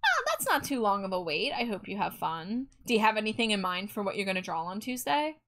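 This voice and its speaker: A fast-talking, very animated woman with a medium-pitched, fairly bright voice hosts a live stream. While drawing, she chats casually with viewers, reading their chat aloud in a bubbly, giggly way.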